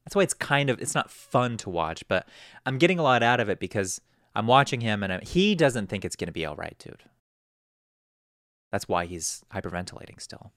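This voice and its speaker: A man's voice: fairly low pitch, big pitch swings, fairly quick, a bit bright, no room sound, studio quality. A young man hosting a podcast, rambling through a story and acting out quotes in a raised voice. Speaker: podcast host. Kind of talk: casual storytelling.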